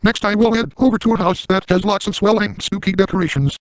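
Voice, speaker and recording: A high, thin voice plays a bratty young boy prankster, as a man puts him on, bragging through his plans in an even, deadpan delivery. The comedic monologue never rises to real excitement. It sits dry and close to the mic with no room sound. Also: fast talker, no room sound, close to an everyday voice, low-quality recording. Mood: smug. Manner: flat, matter-of-fact first-person boasting.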